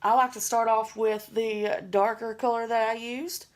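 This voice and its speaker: A woman's voice: on the high side, flat delivery, normal speed. A young woman with a Southern US accent, chatting easygoing and self-teasing as she narrates a makeup tutorial. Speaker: beauty vlogger.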